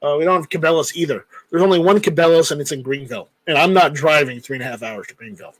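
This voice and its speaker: High-voiced man rambling through chat. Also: quick pace, fairly bright tone, no room sound, poor audio. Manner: rambling, joking, reads viewer comments aloud. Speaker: livestream host reading chat. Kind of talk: casual livestream chat.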